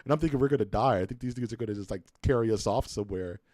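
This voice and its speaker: A man's voice: lowish voice, rapid-fire, mellow, dry recording, studio quality. A man co-hosting a podcast, telling loose, profane stories in casual chat. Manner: loose storytelling, swears freely, puts on voices for quotes. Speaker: podcast co-host.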